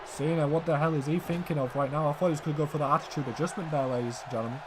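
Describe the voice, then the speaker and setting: A man giving excited play-by-play commentary on a wrestling video game, often shouting and addressing the audience as ladies and gentlemen. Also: a little high, racing, noisy background.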